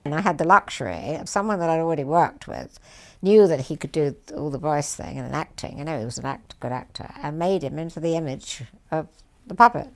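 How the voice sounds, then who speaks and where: An older woman looking back on a production in an interview. Her voice is very low, with a gravelly creak, and she pauses often to find her words. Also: darkish tone. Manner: measured, many fillers. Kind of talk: reflective interview recollection.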